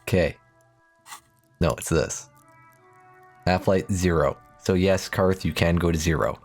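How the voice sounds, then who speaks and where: A man's voice: low-pitched, unhurried, creaky, a little mellow, faint music behind. A young man livestreaming a game, reading its text aloud with playful, profane asides. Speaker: streamer. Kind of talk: casual gaming commentary.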